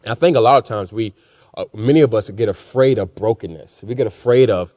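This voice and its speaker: A man's voice: fairly low pitch, fairly quick, darkish tone, no echo, clean studio sound. A man speaking as a panelist in a discussion, earnest and encouraging, with many repeated words.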